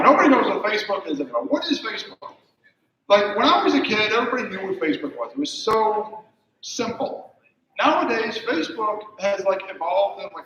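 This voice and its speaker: A man's voice: high-pitched, bright, forceful tone, slight background noise. A young man doing stand-up comedy, chatty and teasing the audience with questions. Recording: muffled echoey room from far off.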